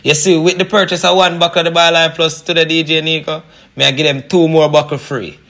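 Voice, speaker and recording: A man doing a Jamaican-accented pitchman. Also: flat delivery, brisk, pushed and bright. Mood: salesy. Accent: put-on Jamaican patois. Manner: pushy, chatty sales patter. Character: male pitchman in a put-on Jamaican voice. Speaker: sales promoter.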